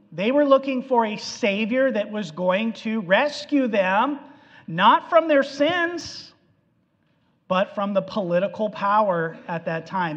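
A man preaching a sermon, animated and acting out the quotes, in an echoey hall on a dull, lo-fi recording. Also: high voice.

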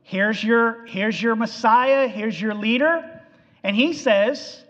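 A man preaching a sermon, animated and acting out the quotes, in an echoey hall on a dull, lo-fi recording. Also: high voice, slow.

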